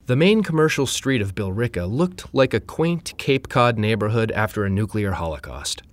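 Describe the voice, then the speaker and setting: A man reading a first-person story aloud in a wry, deadpan way. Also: fairly low pitch, moderate pace, dry recording. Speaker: narrator.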